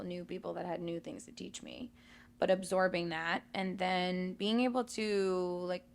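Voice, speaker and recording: A female co-host on a conversational podcast reflects candidly on her past, telling it in a relaxed, storytelling way with small fillers as she goes. Her voice sits a little low with a gravelly, crackling fry, and she talks easily.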